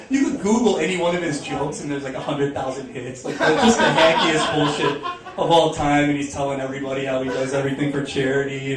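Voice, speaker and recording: A young man doing stand-up, telling a rambling story full of swearing and laughing through his punchlines. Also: mid-range voice. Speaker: stand-up comedian. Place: comedy club stage. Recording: roomy, distant mic, audience noise. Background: audience in a club.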